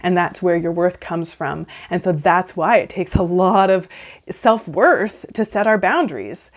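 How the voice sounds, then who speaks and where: Low-voiced woman giving casual counselling advice. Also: a little slow. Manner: conversational, frequent "like" and "right?". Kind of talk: casual advice talk to camera.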